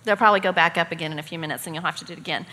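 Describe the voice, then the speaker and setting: A middle-aged woman co-teaching a parenting class at a church, giving practical advice in a steady, calm way. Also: on the low side, rapid-fire. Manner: steady, practical, gives examples. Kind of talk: calm instructional talk. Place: church hall. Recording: long hall reverb.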